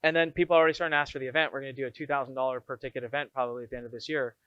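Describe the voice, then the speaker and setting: A man coaching his members on running an online business, telling frank, animated stories as he teaches. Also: medium pitch, rapid-fire, smooth, no room sound, dull audio. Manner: energetic storytelling, frank and animated.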